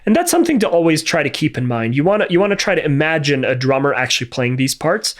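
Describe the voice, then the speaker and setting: A music production instructor with a fairly high, sing-song voice talks fast in a screen-recorded tutorial on MIDI drum programming. He works methodically and thinks aloud, with frequent fillers and restarts. Drum and music playback sounds between his remarks.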